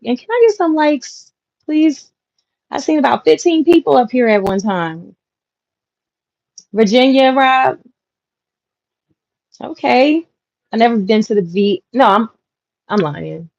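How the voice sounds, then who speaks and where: A woman's voice: mid-range voice, expressive, measured pace, vocal fry, pauses often, darkish tone, no room sound. Casting: young woman, laughing livestream host, dull dry home mic audio. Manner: chatty, laughs often, talks to viewers directly. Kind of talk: casual live chat reading comments.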